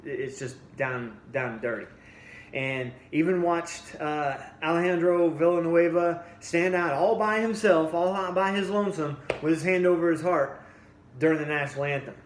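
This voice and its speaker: A man in his forties with a slightly high voice vents his opinions straight to camera. He talks bluntly, stumbles and repeats words as he works himself up. The room rings with echo and a faint hum of ambience sits behind him. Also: moderate pace. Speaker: fitness vlogger. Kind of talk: heated opinion rant.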